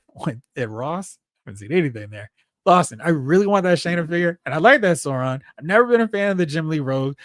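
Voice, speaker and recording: A chatty, excitable man hosts a live stream and reads viewer comments aloud. His voice sits fairly high. The sound is dry and close, with no room around it. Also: no echo. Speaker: host of a toy collecting show. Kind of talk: casual live-stream chat reading comments.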